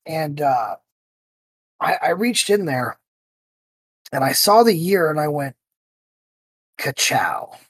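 A man hosting a podcast, telling stories in a casual, animated way and acting out the voices he quotes. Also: a little high, slow pace, pauses often, slightly rough, no echo. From United States. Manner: animated storyteller who acts out quoted voices. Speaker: podcast host.

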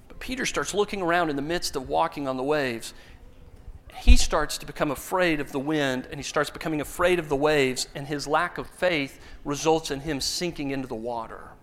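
A pastor with a notably high voice delivers a sermon. He tells the story with animation and humor, slipping into playful voices for the people in it. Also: moderate pace, a bit bright.

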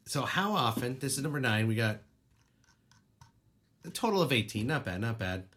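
A man's voice: mid-range voice, sing-song, normal speed, fairly bright tone. A man co-hosting a podcast in casual chat, rambling through stories, laughing and swearing as he goes. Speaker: podcast co-host.

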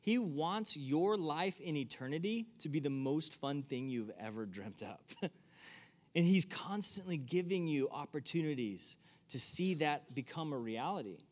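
A man's voice: fairly high pitch, animated, unhurried. A man preaching to a room, talking casually and putting direct questions to his listeners. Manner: conversational, asks the audience direct questions. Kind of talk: sermon. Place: church room with an audience.

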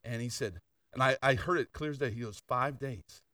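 A man's voice: medium pitch, fast talker, pushed and bright, no echo, clean studio sound, distant mic. An older man preaching a sermon in a conversational storytelling way, full of asides and questions to the congregation. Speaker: pastor.

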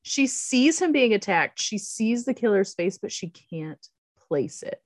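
A woman's voice: mid-range voice, very animated, measured pace, no echo. A woman in casual chat, recapping a movie plot with frequent laughter and acted-out quotes. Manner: laughs often, acts out quoted lines. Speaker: podcast co-host recapping a movie.

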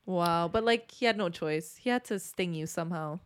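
A woman's voice: on the low side, normal speed, clean tone. A young woman co-hosting a podcast in casual chat, reacting with teasing remarks. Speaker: podcast co-host.

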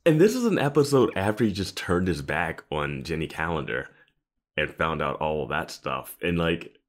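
A man's voice: very deep voice, sing-song, moderate pace. A man co-hosting a podcast, joking and laughing as he comments on a TV episode, with casual swearing. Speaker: podcast co-host. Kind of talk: casual chat reviewing a TV episode.

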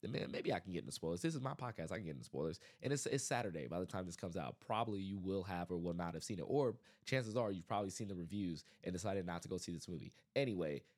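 Exasperated podcast host ranting, low voice. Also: male voice, fast talker, few pauses. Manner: animated, exasperated ranting with many restarts. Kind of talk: casual solo movie review.

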